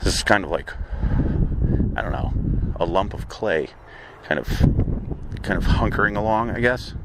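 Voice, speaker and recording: Man, comedic monologue, halting and apologetic, outdoors, traffic noise. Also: on the low side, lively intonation. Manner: apologetic, halting, stammering, with sudden sung outbursts. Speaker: comedy audio journal host. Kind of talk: rambling deadpan comedic monologue.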